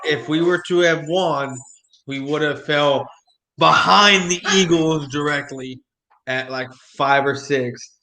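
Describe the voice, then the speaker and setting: A man hosting a casual chat, rambling in a relaxed way and repeating words as he talks. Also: on the high side, slow pace.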